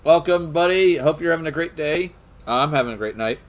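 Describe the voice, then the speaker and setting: A man co-hosting a livestream, chatting casually with frequent pauses and fillers while greeting viewers. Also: on the high side. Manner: relaxed, halting with many fillers, greets chat viewers. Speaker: livestream co-host. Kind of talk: casual chat.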